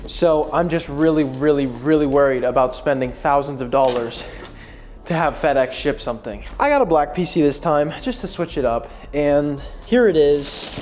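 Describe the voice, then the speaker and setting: A man's voice: fairly high pitch, normal speed, darkish tone, a little hiss or hum. Dramatic, self-mocking young man vlogging. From United States. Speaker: streamer and vlogger. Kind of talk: casual vlog chat. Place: at home, setting up a computer.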